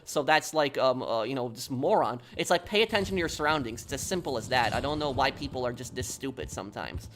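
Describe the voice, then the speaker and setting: Fast-talking man telling a story. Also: mid-range voice, expressive, a bit bright, a little hiss or hum. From New York. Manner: rambling, repeats himself, restarts often. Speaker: streamer. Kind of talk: casual storytelling on a stream.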